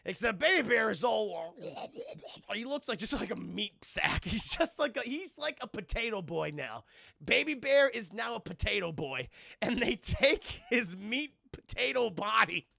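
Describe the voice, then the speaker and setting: A man's voice: high voice, sing-song, moderate pace, creaky, bright, forceful tone, dry recording. A man streaming a rambling, profane film recap, laughing and acting out scenes as he talks to chat. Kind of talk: casual livestream chat.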